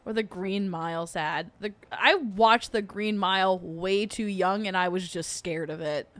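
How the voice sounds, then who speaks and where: A woman's voice: mid-range voice, a little slow, fairly bright tone. A woman hosting a casual livestream chat, rambling with lots of fillers and laughing often as she gets emotional. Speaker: podcast host.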